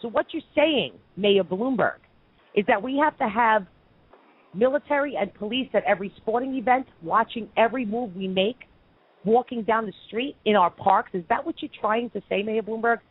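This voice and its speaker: A woman's voice: a little high, moderate pace, breathy edge, dry recording, phone-quality sound. A woman from Brooklyn hosting a call-in radio show, ranting with heated opinions. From Brooklyn, New York.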